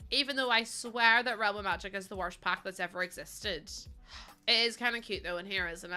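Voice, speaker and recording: A woman's voice: mid-range voice, fairly quick, clean tone. A young Northern Irish woman chatting casually on a livestream, unfiltered and prone to laughter and sudden squeals. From Northern Ireland. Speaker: streamer. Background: soft background music.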